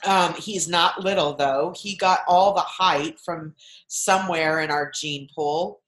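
A woman's voice: sits low, a little slow, a bit bright. Woman host rambling on a zoom call, echoey room sound. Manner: rambling run-on sentences. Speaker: podcast host. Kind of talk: casual chat over video call. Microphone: video call. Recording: roomy video call audio.

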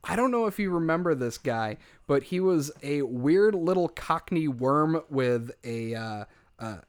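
A man's voice: on the high side, expressive, unhurried, no room sound. A man hosting a comedic podcast in casual chat, swearing freely and laughing often, with a small audience in the room. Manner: profane, joking, laughs often. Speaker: podcast host.

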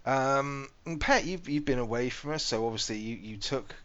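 A man's voice: medium pitch, normal speed, a bit bright. A man hosting a podcast in a casual, teasing, jokey chat. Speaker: podcast host. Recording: dull lo-fi podcast audio.

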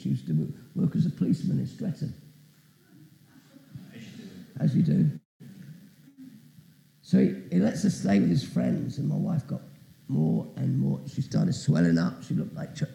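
Gravelly man telling a testimony. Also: medium pitch, mellow, reverberant, rough recording. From Britain. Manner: storytelling, conversational with asides and questions to the audience. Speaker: guest preacher. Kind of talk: testimony sermon.

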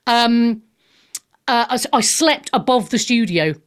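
A woman hosting a live talk radio show in a casual, chatty way, her voice sitting a little high. She speaks frankly and bluntly, often restarting her sentences mid-thought. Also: animated, a little slow.

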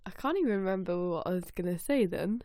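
A woman's voice: mid-range voice, animated, quick pace, dark tone, dry recording, studio quality. A woman co-hosting a podcast over a remote call, teasing and laughing often in casual chat. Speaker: podcast co-host. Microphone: own microphone, remote call.

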